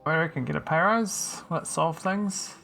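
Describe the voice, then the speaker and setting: A man's voice: on the high side, brisk, vocal fry, pushed and bright, faint music behind. A man streaming a game, chatting casually and teasing his viewers while he thinks aloud. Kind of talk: casual live-stream chat while playing.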